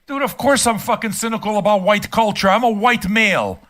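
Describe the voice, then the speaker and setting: A man's voice: high voice, brisk, fairly bright tone. An older man streaming a reaction and ranting casually from his room, profane, emphatic and heated. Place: home room.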